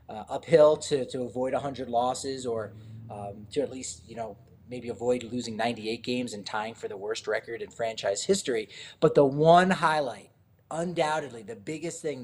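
Male co-host for a sports podcast, loose and rambling, mid-pitched. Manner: relaxed, rambling with many fillers and restarts. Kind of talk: casual sports podcast chat.

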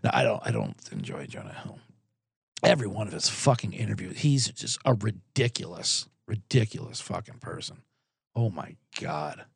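A man's voice: low-pitched, sing-song, normal speed, vocal fry, slightly rough, no echo, clean studio sound. A man hosting a podcast, ranting sarcastically and telling profane stories with acted-out quotes. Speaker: podcast host. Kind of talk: comedic rant.

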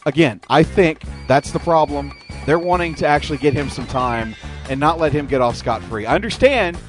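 A man hosting a casual talk radio show, chatty and quick to cut in, repeating words as he jumps in. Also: a little high, lively intonation, soft background music.

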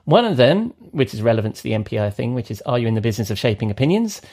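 A man's voice: mid-range voice, very animated, rapid-fire, darkish tone. A man hosting a podcast in casual, jokey chat, laughing often and calling his co-host mate.

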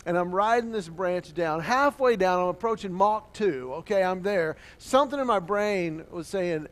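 Brief: male pastor, high-pitched, animated storytelling sermon with acted-out voices. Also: normal speed.

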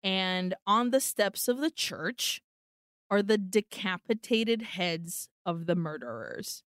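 A woman co-hosting a podcast, telling a film's plot in animated, casual chat with frequent swearing. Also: medium pitch, takes it slowly, no echo, clean studio sound. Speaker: podcast co-host. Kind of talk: casual film recap chat.

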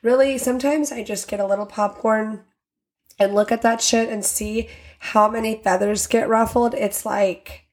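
A woman's voice: on the high side, fairly even intonation, moderate pace. A woman hosting a podcast, ranting candidly and profanely in casual talk and acting out quotes as she tells stories. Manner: storytelling with acted quotes. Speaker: podcast host.

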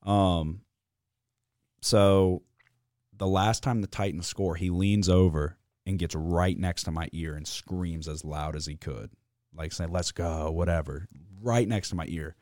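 A man's voice: sits low, unhurried, a little mellow, dry recording, studio quality. A young man hosting a casual sports podcast, telling stories bluntly and cursing freely. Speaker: podcast host.

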